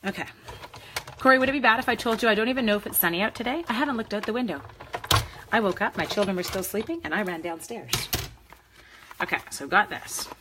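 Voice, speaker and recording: A woman's voice: mid-range voice, fast talker, pauses often, noisy background. A woman hosting a live card-making demo, chatting with viewers by name as she works. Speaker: crafting demonstrator.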